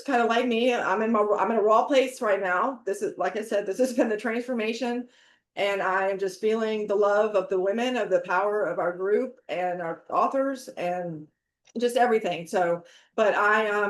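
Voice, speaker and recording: A middle-aged woman on a video call, a guest author who speaks in an earnest, tearful way and laughs between phrases. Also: medium pitch. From Texas. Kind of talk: emotional video-call interview. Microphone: laptop camera on video call. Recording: echoey room on a video call.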